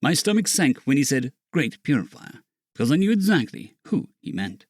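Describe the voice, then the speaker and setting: A male narrator reading a fantasy audiobook, his pitch ranging widely as he reads. The recording is dry and close, with no room sound. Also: moderate pace, dry recording. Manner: lively, expressive reading.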